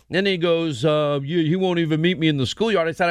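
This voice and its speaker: A man hosts a show in casual banter, telling stories bluntly and acting out what others said. His voice sits fairly high for a man. The studio sound is dry and close. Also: fast talker, hardly any pauses, no echo. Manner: blunt, animated storytelling with quoted asides. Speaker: radio and TV host.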